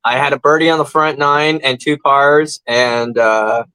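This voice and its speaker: A man's voice: medium pitch, fairly even intonation, unhurried, pushed and bright, smooth, no echo, poor audio. A man co-hosting a comedy podcast, telling stories in a laid-back way and swearing casually. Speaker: podcast co-host. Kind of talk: casual chat.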